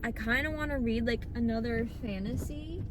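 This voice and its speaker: A woman's voice: a little high, normal speed, heavy background noise. A young woman chatting casually in a book vlog, bubbly and full of fillers. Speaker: book vlogger.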